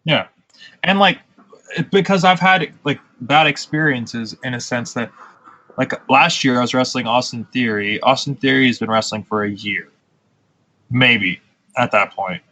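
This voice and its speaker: A man's voice: medium pitch, moderate pace, bright, forceful tone, highs cut off. A man, a pro wrestler, talking in casual podcast chat, blunt and profane, telling stories with irritation. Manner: blunt, profane, ranting storyteller.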